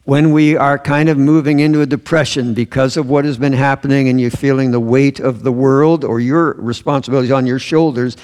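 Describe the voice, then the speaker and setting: A man's voice: medium pitch, steady tone, brisk, hardly any pauses, darkish tone. A man preaching a sermon in a church, earnest and emphatic, repeating his key phrases. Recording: long hall reverb.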